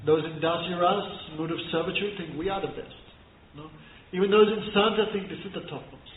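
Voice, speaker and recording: A man gives a scripture class in a fairly high voice, moving between storytelling and chanted verses. The sound is thin and phone-like, with a roomy echo and faint noise behind him. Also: brisk. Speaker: spiritual teacher. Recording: echoey room over thin phone-like line.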